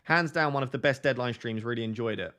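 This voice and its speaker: A man's voice: mid-range voice, fast talker, bright, forceful tone. A man hosting a casual fantasy football live stream, reading viewer comments aloud and joking and laughing with them.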